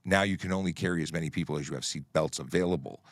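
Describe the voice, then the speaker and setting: A middle-aged traffic police officer hosts a livestream Q&A, explaining traffic rules firmly and plainly while scrolling through comments. His voice is very deep and very fast, recorded clean in a studio with no room sound.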